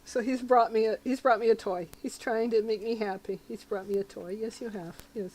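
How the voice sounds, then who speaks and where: A woman's voice: fairly high pitch, steady tone, brisk, a little mellow. A woman casually livestreaming a puzzle game, chatting with viewers and her pets and laughing often. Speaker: streamer.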